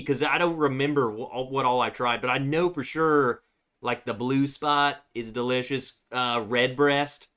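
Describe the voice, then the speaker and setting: A man's voice: mid-range voice, bright, forceful tone. A man casually chatting on a live stream, rambling with lots of fillers and restarts. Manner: rambling, filler-heavy, baby talk to his dog.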